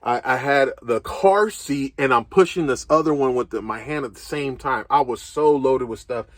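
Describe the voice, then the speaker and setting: A young man casually telling a story, animated, laughing, and swearing freely as he goes. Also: medium pitch, normal speed, dry recording. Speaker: co-host.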